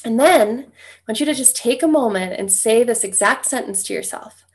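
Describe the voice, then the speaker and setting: A woman's voice: on the high side, animated, moderate pace. A young adult woman working as a divorce coach, talking straight to her listeners in an easygoing way and checking in with "right?" as she goes. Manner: conversational, tags points with "right?". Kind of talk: direct-to-camera coaching talk.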